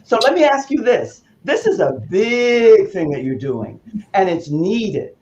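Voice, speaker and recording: A man's voice: high voice, very animated, unhurried, a little mellow. A man hosting an interview, encouraging his guest and steering her emphatically toward her story. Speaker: host. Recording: roomy, dull, hissy line.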